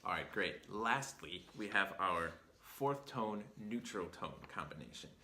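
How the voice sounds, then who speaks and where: Brief: male language teacher, bright tone, patient explainer, echoey room. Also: deep voice, lively intonation, measured pace. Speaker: Chinese teacher and host. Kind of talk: video lesson explanation. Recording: roomy echo.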